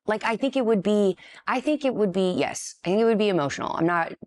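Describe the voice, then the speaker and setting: A woman co-hosting a casual chat show, gushing and expressive as she tells stories. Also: medium pitch, fast. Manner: gushing and expressive, acts out quotes. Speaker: co-host.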